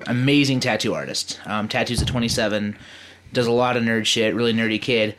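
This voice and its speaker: A man's voice: mid-range voice, fairly quick, fairly bright tone, slight background noise. Easygoing man starting a story. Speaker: podcast co-host. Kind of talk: casual chat.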